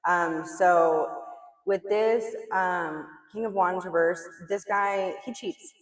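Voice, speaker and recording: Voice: medium pitch, steady tone, slow pace. Echoey, blunt casual tarot reader. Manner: blunt, chatty, swears, lots of "like" and "you know". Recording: echoey room, mic far off.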